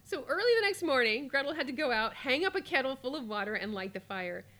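A woman podcast host reading a fairy tale aloud, breaking off for lively, laughing asides. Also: high voice, quick pace.

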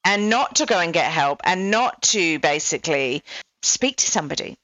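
A woman's voice: on the low side, lively intonation, normal speed, a bit bright, dry recording. A woman hosting a podcast interview, who talks in a thoughtful way and builds her points with restarts. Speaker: podcast host. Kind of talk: conversational interview. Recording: dull, dry lo-fi audio.

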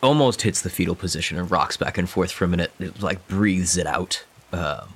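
A man playing a tabletop horror game, halting and full of fillers. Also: low voice, husky. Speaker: player. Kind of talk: tabletop role-play.

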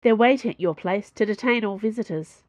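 A woman's voice: mid-range voice, a little fast, dry recording, voice pushed up, close to an everyday voice. Woman voicing a small, sturdy young woman pilot. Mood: firm.

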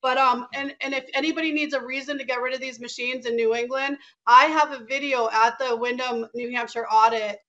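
A woman's voice: high voice, steady tone, a little fast, hardly any pauses, bright, forceful tone, dull audio. A woman speaking as a guest organizer, earnest and a little emotional, who reads out a long list. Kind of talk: live guest remarks.

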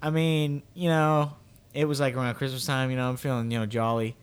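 A young man spins a long, meandering anecdote on a casual podcast. He stacks up fillers and slips into quoted voices as he goes, in a voice of ordinary middle pitch. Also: level tone, a little fast, clean tone. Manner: rambling, filler-heavy storytelling with acted quotes. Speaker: podcast co-host. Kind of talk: casual storytelling chat.

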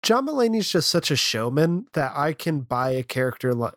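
Measured podcast co-host, dry close sound. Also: male voice, fairly high pitch, big pitch swings, no echo. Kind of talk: casual film discussion.

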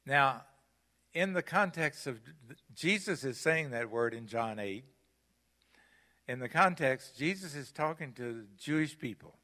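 A man's voice: medium pitch, bright, forceful tone. An older man preaching a sermon in a church, emphatic and repeating his key phrases. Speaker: guest preacher. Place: church sanctuary. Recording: long hall reverb in church.

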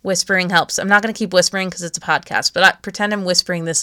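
A woman's voice: on the low side, fairly even intonation, fast talker, few pauses, bright, forceful tone. A woman in her thirties hosting a podcast, chatting casually with frequent laughs and playful asides. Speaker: podcast host.

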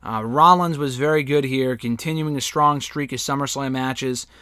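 A man's voice: medium pitch, moderate pace, bright, forceful tone, clear, resonant tone, no echo. A man hosting a casual wrestling review chat, giving his opinions and swearing casually. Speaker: podcast host.

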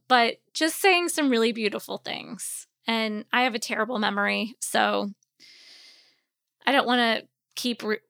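Give me a sleepy woman in her forties telling a personal story, smooth clear voice, close dry mic. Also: on the high side, pushed and bright, no room sound. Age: 40s. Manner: candid, rambling, with many fillers. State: sleepy, yawning. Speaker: podcast host.

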